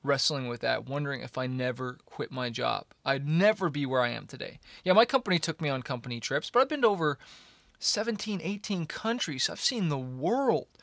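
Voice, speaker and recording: A young man, a musician, telling his own story to camera in a casual, energetic way, with lots of "man" and "you know". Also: medium pitch, fairly quick, creaky, dry recording. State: coughing a little. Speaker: musician vlogger.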